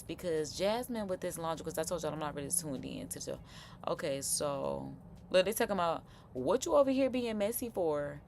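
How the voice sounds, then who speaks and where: A woman hosting a livestream reaction chat, talking in a chatty, expressive way with lots of slang. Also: low-pitched, vocal fry, background noise. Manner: chatty and expressive, slang-heavy, frequent laughs.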